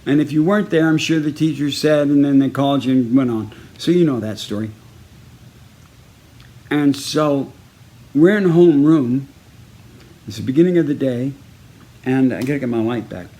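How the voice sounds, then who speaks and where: A man from Texas telling a story in a casual personal video message, in a lively way, acting out each person he quotes. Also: mid-range voice, moderate pace, pauses often. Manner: lively, acts out each person in the story with raised, punchy delivery.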